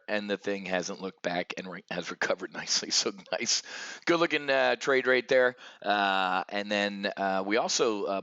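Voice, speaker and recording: A man's voice: fairly low pitch, fairly bright tone, no room sound, muffled recording. A man hosting a market briefing, talking brashly and sarcastically to his viewers, calling them folks. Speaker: market commentary host.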